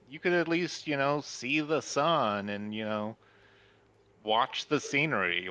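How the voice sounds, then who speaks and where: A man's voice: mid-range voice, a bit bright, muffled recording. A man speaking in character as a player in a tabletop game, bargaining in a casual, rambling way. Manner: bargaining, casual, filler-heavy. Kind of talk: in-character tabletop role-play.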